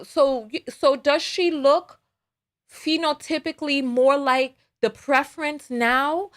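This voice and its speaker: A woman's voice: high voice, fairly bright tone. A woman with a New York accent hosts a livestream, talking bluntly and fiercely, swearing and stumbling into restarts as she rants. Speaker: livestream host. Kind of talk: ranting reaction livestream.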